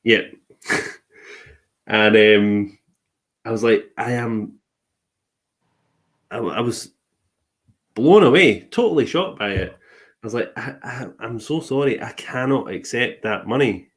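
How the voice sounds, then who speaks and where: A man's voice: mid-range voice, expressive, slow pace, long pauses. A man, a host and medium, telling a story in casual chat and acting out the people he quotes. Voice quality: laughs easily, acts out quoted people.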